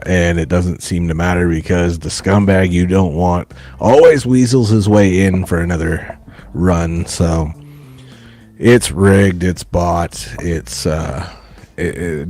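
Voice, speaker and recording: A man's voice: low-pitched, a little mellow. A man from Canada chatting casually, grumbling dryly and swearing. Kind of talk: casual chat.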